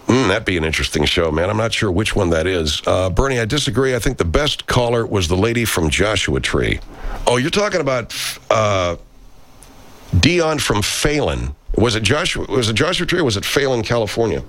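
A man with a low voice that swings widely in pitch, riffing casually as he reads viewer comments off a live stream. His talk is loose, profane and full of asides, into a studio microphone. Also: animated, a little fast, fairly bright tone. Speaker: radio comedian hosting a live stream.

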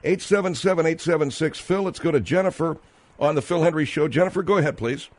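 A man's voice: a little high, quick pace, dry recording. A man hosting a call-in radio show from the studio, dry and cutting with his guests. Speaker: radio talk show host.

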